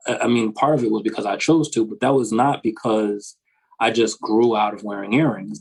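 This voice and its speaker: A man's voice: on the low side, vocal fry, husky, poor audio. A man in his thirties, a financial coach, answering interview questions in a reflective, conversational way and often checking in with "right?".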